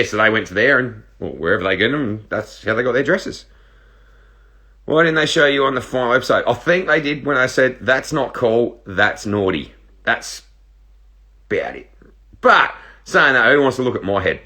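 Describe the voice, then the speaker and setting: An Australian man in his thirties, casually reading viewer questions out loud and answering them in a laid-back, joking way. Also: mid-range voice, expressive, moderate pace. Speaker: reality show contestant answering live viewer questions. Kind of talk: casual live-stream Q&A.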